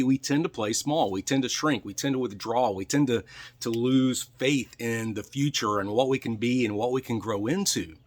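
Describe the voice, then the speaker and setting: Man, real estate coach, motivational vlog, earnest, preachy, repeats phrases, talks to viewers directly. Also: mid-range voice. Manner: speaks to viewers directly, with frequent "right?" check-ins. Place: in his truck.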